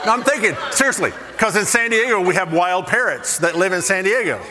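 A man preaching a sermon, telling funny stories in an animated, self-deprecating way. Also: high-pitched, fairly quick, long reverb tail, heavy background noise. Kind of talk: humorous sermon storytelling.

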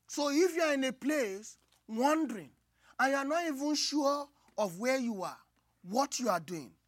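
A woman preaching a sermon, moving from hushed asides to loud, cried-out lines. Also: high voice, normal speed, no room sound. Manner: expressive, swings from hushed asides to loud cries.

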